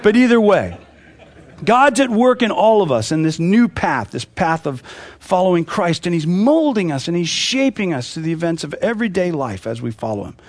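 A man preaching a sermon in a conversational, animated way, laughing now and then as he talks. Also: sits high, normal speed, no room sound. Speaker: pastor.

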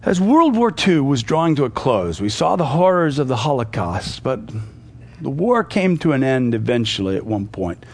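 A man preaching a sermon, telling a story and swinging between forceful peaks and hushed, quiet passages. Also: mid-range voice, very animated, moderate pace.

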